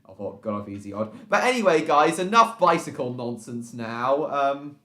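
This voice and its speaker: Halting man streaming in an echoey room. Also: medium pitch, animated, a bit bright. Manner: repetitive, halting, restarts phrases, many ums. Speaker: live stream host. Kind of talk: casual live stream chat, reading out viewer comments. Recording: roomy echo.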